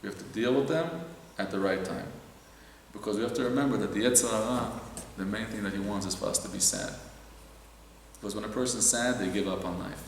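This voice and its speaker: A man, a rabbi, giving earnest, heartfelt spiritual teaching in a synagogue, slow and emotional, acting out inner voices. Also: fairly low pitch. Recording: echoey hall with faint noise.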